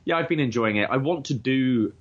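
A man's voice: medium pitch, fairly quick, highs cut off. A man with an English accent co-hosting a casual podcast chat, joking and laughing often. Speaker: podcast co-host. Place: living in Toronto area.

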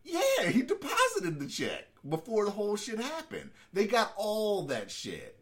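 A man's voice: high-pitched, huge pitch swings, measured pace. A man co-hosting a casual podcast, talking loosely and profanely about the news, laughing often. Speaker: podcast co-host. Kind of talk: casual chat.

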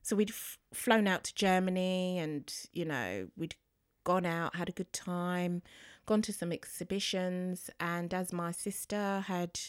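A woman speaking in a relaxed, conversational way, recounting her own experiences. She lively mimics the people she quotes, and the sound is close and dry with no room echo. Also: lowish voice, measured pace, smooth. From England. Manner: animated, acts out voices in quotes. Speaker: guest. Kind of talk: casual storytelling.

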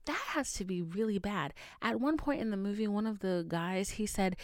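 A woman host talks through her podcast in an animated, chatty way and swears freely. Her voice sits in a middle pitch. The recording is dry and close, with no room sound. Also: normal speed, no echo. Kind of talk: casual chat.

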